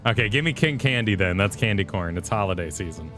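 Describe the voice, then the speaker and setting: A man's voice: lowish voice, animated, fast talker, fairly bright tone, soft background music. Joking man reading game quests aloud. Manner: jokey, reads quest text in a mock-formal voice. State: lost his high voice from sickness. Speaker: co-host of a game stream. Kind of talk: casual let's-play chat, reading game dialogue aloud.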